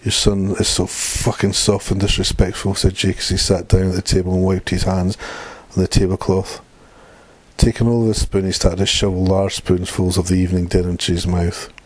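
A man reading a dark short story aloud in a plain, steady way. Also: low voice, fairly quick, no echo. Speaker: narrator.

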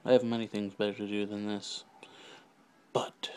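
A man talks solo to his handheld camera in a fairly low, steady, darkish voice at a moderate pace. Silly and rambling, he slips into whispers and mock accents while making fun of his own attempts at other accents.

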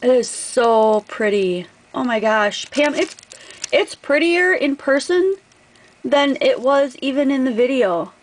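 A woman's voice: high-pitched, animated, slow, low-quality recording. Gushing woman crafter unboxing a package. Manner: gushing, effusive. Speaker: craft vlogger. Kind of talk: casual unboxing vlog.

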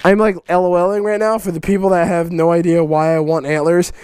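A man hosting a casual fan mail vlog, excitable, loud and swearing constantly. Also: sits high, brisk, clean tone, no echo. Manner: excitable, loud and heavily profane. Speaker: YouTuber host.

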